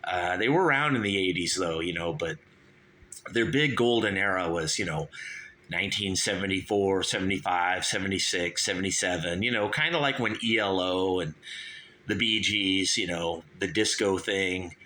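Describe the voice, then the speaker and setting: A man's voice: sits low, moderate pace, sharp tone, slight background noise. Rambling chatty man in his fifties. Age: 50s. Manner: rambling, chatty, keeps saying "you guys". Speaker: show host. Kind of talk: casual music review monologue.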